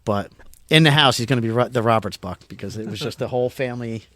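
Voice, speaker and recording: A middle-aged man from Pennsylvania, guesting on a podcast, tells a story in casual, rambling, excitable talk, stumbling over repeated words. His medium-pitched voice moves fast, and the recording is dry.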